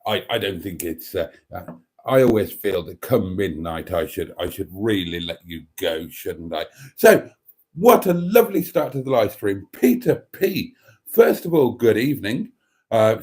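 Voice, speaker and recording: A man's voice: mid-range voice, darkish tone. An older Welsh man hosting a casual live stream, theatrical and chatty, calling his viewers darlings. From Wales. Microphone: microphone and tablet.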